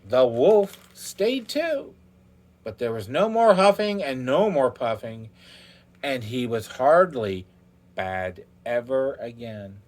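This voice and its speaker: Slow, soft-spoken man reading a story. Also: medium pitch, lively intonation. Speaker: children's story reader. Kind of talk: reading a picture book aloud.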